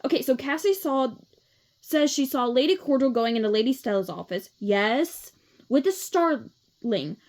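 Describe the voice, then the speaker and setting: A woman's voice: high-pitched, animated, a little slow, a little mellow. A woman voicing a cheerful young girl guitarist, talking in a chatty way.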